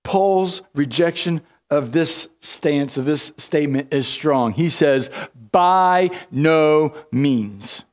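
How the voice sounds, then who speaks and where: A man's voice: fairly high pitch, slow, few pauses, a little mellow. A man preaching a sermon in a church, emphatic, often repeating words and restarting. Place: church sanctuary.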